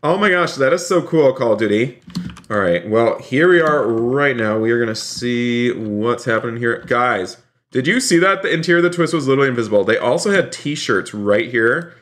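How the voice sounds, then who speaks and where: Excitable male streamer, bright voice. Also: medium pitch, moderate pace. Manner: excitable, keeps addressing the chat as "you guys". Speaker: live-streaming gamer. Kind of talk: live gaming stream commentary with role-play.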